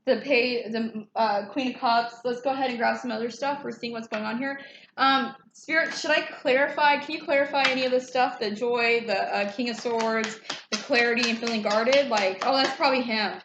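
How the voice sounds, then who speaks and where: A woman's voice: a little high, fairly bright tone. Casual woman tarot reader, loose and profane; roomy echo, faint noise behind. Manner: chatty and loose, swears and laughs easily. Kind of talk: casual tarot reading vlog. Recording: echoey room, faint background noise.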